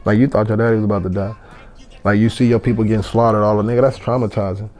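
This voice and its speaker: Blunt, low-voiced rapper from Texas. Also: male voice, little pitch movement, rapid-fire, a little mellow. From San Antonio, Texas. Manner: blunt and profane, heated storytelling. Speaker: rapper guest. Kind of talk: casual interview chat.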